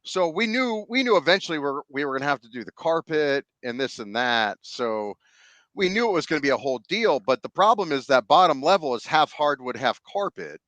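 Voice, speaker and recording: A man in casual podcast chat, telling self-mocking stories with a lively voice that rises and falls all over. He sits close to a studio microphone in a dry, dead-sounding room with no echo at all. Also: a little high, brisk. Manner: animated, self-mocking storyteller. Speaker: sports radio host.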